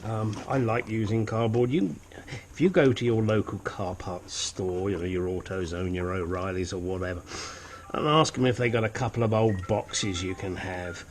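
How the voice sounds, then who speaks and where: Speaking at a moderate pace in a fairly low, fairly even voice, an auto mechanic narrates a car repair as he does it. There's a little hiss or hum, and he mutters and grunts as parts give him trouble.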